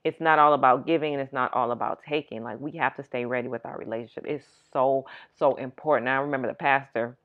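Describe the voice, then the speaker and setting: Low female co-host, casual and animated, volume jumps with excitement. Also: quick pace, few pauses, narrow, tinny audio. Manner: animated, swinging loud and high when excited. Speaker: podcast co-host. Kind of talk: casual chat.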